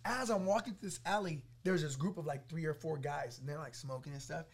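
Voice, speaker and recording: Animated storyteller, fairly high male voice. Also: brisk, vocal fry, crowd noise. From Los Angeles area. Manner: animated, acts out quoted voices, laughing through funny parts. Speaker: podcast guest. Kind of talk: storytelling testimony.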